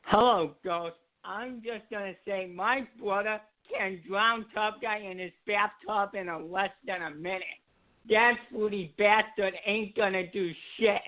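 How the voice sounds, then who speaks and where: Male radio caller, high voice, crude and boastful, tinny phone line. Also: steady tone, a little slow.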